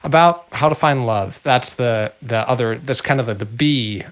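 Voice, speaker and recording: A young man co-hosting a casual livestream, joking in a dry, deadpan way. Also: mid-range voice, normal speed. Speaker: co-host.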